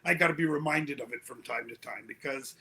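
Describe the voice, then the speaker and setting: A middle-aged man, an author being interviewed, speaking reflectively in halting, restarting phrases, with a husky voice. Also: mid-range voice, bright, forceful tone. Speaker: author guest.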